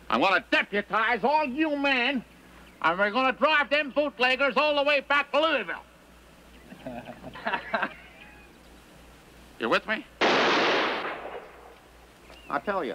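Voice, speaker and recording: A sly lawman in a film, drawling. His voice is gravelly and bright, folksy and wheedling. He works to talk people round to his side. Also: on the high side, dull audio, a little hiss or hum, full character voice. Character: sly drawling rural lawman, self-serving. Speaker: deputy sheriff type scheming for whiskey.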